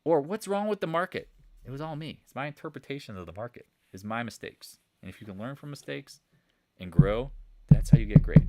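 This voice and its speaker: A man hosting a live market chat, excitably answering viewer questions and talking straight to his viewers. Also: mid-range voice. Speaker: trading channel host.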